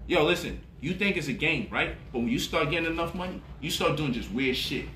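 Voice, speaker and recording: A man's voice: on the high side, animated, brisk, hardly any pauses, bright, forceful tone, a little hiss or hum. A man talking as a money vlogger in a casual, boastful monologue, swaggering and profane. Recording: roomy echo, voice off-mic.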